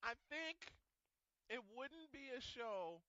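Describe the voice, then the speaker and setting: A boisterous male sports talk host with a high, bright, forceful voice who laughs often and swears without a second thought. The sound is dry and a bit dull, like a lo-fi recording with no room around it. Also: very animated, slow, no echo. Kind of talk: casual sports radio chat.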